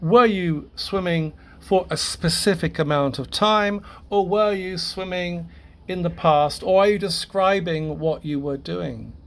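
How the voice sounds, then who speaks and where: A man teaching a grammar lesson to a class, halting, repeating words and correcting himself as he goes. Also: sits high, vocal fry.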